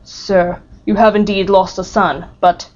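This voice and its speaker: A grave nobleman, as a woman narrator puts him on, speaks in a subdued, earnest tone. His words are measured and heavy in this storybook reading. The recording sounds slightly dull and lo-fi. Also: high voice, little pitch movement. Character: grave, somber nobleman, low and controlled. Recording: muffled lo-fi recording.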